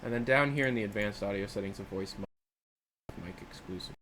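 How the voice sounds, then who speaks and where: Chatting and rambling on a livestream, this young man reads donations aloud through a desktop USB mic. He speaks fairly low and fairly quick with a slightly bright tone, and the lo-quality audio has a faint hiss or hum.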